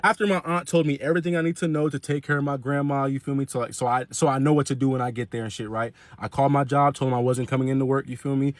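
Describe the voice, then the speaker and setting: A man's voice: medium pitch, steady tone, rapid-fire, hardly any pauses, no room sound. A young man telling a comedic story in casual, slangy, profane speech with many restarts.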